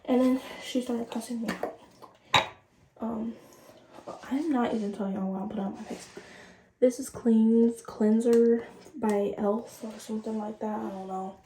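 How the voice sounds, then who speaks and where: A woman's voice: on the high side, measured pace, pauses often, noisy background. Chatty teen girl in a roomy bathroom. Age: late teens. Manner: chatty, animated, addresses viewers directly. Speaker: vlogger. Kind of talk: casual storytime chat. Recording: roomy and distant from the mic.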